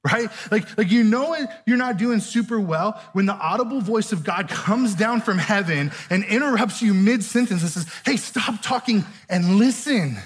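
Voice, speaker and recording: Husky high-voiced preacher. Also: male voice, normal speed, hardly any pauses. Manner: conversational, keeps asking "right?". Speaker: pastor. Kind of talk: sermon.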